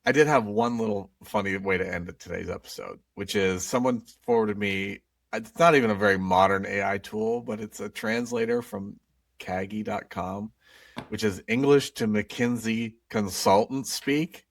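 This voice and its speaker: A man's voice: on the low side, normal speed, vocal fry, no echo, recorded from a distance. A man co-hosting a casual business podcast, chatting easily with his co-host. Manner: conversational, reads a jokey outro in mock consultant speak.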